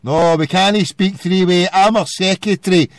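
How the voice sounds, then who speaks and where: High-voiced ranting Scottish man. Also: fairly even intonation, moderate pace, no room sound, clean studio sound. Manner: abusive, ranting, hurls insults. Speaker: call-in show host. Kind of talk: phone-in radio rant.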